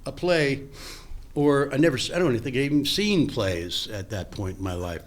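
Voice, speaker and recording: An older actor appears as a guest on a podcast interview, briskly recounting stories from his past in a medium-pitched voice. His delivery is animated as he acts out remembered dialogue, often restarting his sentences.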